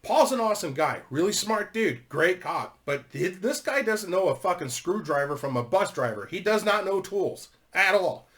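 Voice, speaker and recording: Brief: male YouTuber, raised pitch, loose rambling storytelling, lots of swearing and laughing. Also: animated, moderate pace, few pauses, fairly bright tone. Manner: swears constantly, laughs while telling.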